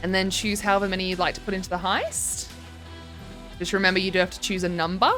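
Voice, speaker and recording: Casting: young woman streamer, chatty and giggly, mid-pitch, faint music underneath. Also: fast talker, a bit bright. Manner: chatty, giggly, reads chat aloud. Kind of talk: casual livestream chat. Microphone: desk microphone.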